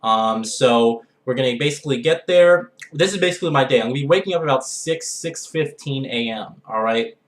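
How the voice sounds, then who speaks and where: A man's voice: medium pitch, a little fast, few pauses. Rambling young man in an echoey room. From Los Angeles area. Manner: rambling, repeats "all right?". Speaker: gaming vlogger. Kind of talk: casual vlog talk.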